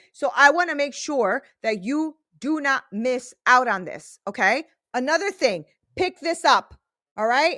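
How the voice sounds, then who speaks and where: A woman in her thirties hosts a faith-centred podcast in a casual, heartfelt way. Her voice sits a little high, and she keeps checking in with the listener. The sound is dry and close, with no room around it. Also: a bit bright, no echo. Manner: earnest, emphatic, often tag-asks "right?". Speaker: podcast host.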